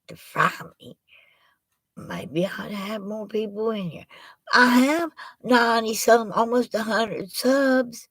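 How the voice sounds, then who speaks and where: A woman's voice: a little high, slow pace, fairly bright tone. A woman chats folksily into her laptop mic on a live stream. She takes her time and drifts from one thought to the next. The sound is dry and close, with no room echo. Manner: folksy, rambling, talks to the chat. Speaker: livestream host. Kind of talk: casual live-stream chat. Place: at home with a laptop. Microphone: laptop microphone.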